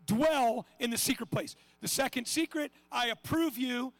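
High-voiced, gravelly middle-aged male preacher. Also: moderate pace, no echo. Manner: impassioned, swings from shouting to hushed asides. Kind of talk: sermon.

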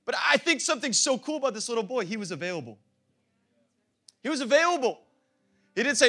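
A man preaching a sermon as pastor of a church, playful and quick to laugh, building up to fervent calls. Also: extremely high pitch, sing-song, sharp tone.

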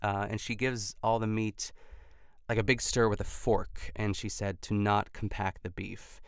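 A man with a low voice talks over a close, dry podcast mic. His tone is smooth but gravelly, with frequent fry. He chats casually, packing his sentences with "like" and restarts. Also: level tone, measured pace, no echo. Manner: chatty, lots of "like" fillers and restarts. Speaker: podcast host. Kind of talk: casual recap chat.

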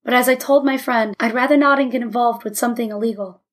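A woman's voice: fairly high pitch, fairly even intonation, fast, close to an everyday voice. A woman voicing a weary, cautious father in a read-aloud story. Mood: quiet.

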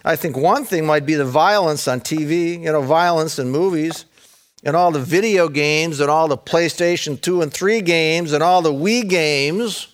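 A man preaching a sermon in a folksy way, peppering his talk with "man" and "folks", swinging between raised excited passages and hushed, intense ones. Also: fairly high pitch, normal speed. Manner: folksy, says "man" and "folks", repeats words. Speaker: pastor.

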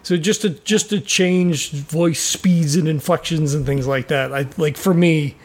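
A man with a notably high voice chats loosely on a podcast, circling his point with many fillers and restarts. He laughs now and then as he talks through his games. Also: measured pace, a little mellow. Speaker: regular podcast player. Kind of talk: casual chat.

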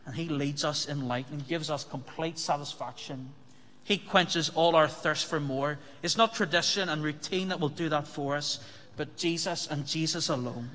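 A man's voice: fairly high pitch, steady tone, moderate pace, pushed and bright. A man preaching a sermon as pastor, speaking earnestly and asking the congregation rhetorical questions. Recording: long hall reverb.

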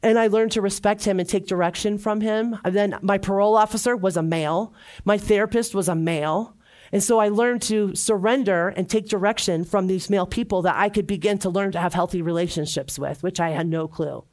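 A woman's voice: mid-range voice, brisk, a little mellow. A middle-aged woman giving a heartfelt personal testimony at a church gathering, speaking earnestly and repeating phrases for emphasis.

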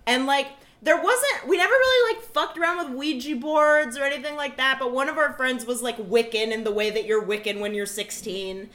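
A woman's voice: high-pitched, brisk, hardly any pauses, a bit bright. A woman hosting a podcast, chatty and loose, full of fillers as she tells a story. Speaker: podcast host. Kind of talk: casual podcast chat.

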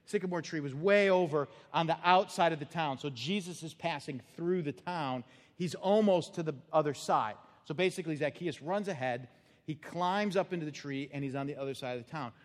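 A man's voice: fairly high pitch, big-room sound. A man preaching a sermon as a pastor, talking conversationally and animatedly, acting out quotes and laughing at his own jokes.

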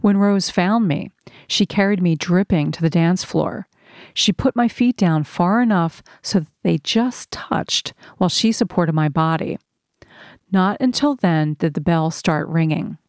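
A woman reading a first-person memoir aloud in a measured, earnest storytelling manner. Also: fairly low pitch, darkish tone, dry recording, studio quality. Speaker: narrator.

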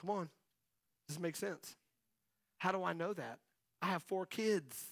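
A man's voice: high voice, a little slow, no room sound, clean studio sound. A middle-aged man preaching a sermon as the pastor, chatting with the congregation and calling out to them for answers. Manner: conversational preaching with audience call-outs.

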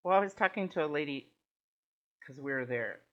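A woman with a very low voice chats casually on a podcast and mostly answers with short reactions. The recording sounds muffled and lo-fi. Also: lively intonation, brisk. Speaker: podcast co-host. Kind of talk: casual chat.

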